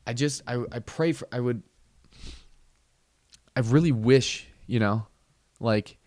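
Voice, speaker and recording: A man's voice: mid-range voice, takes it slowly, dry recording. A man hosting a comedy podcast, telling a rambling, profane story in a casual way. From Southern California. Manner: rambling, swears freely, acts out yelling and sings song snippets.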